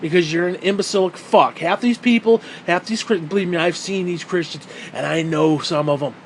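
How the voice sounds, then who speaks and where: A man's voice: sits high, fairly quick, a little hiss or hum, rough recording. A man ranting in a profane, heated monologue, sarcastic and mocking, swearing constantly. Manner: mocks others in put-on quoted voices. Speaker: vlogger.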